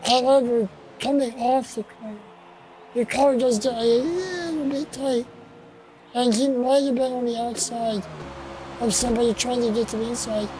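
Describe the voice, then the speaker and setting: A woman commentating an online sim race, slow and halting, with fillers and restarts, and she has the hiccups. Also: on the high side, steady tone, background noise.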